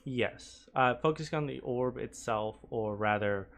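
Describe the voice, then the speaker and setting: Slow-talking man playing a tabletop game. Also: medium pitch, fairly bright tone. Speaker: player. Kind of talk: casual tabletop play.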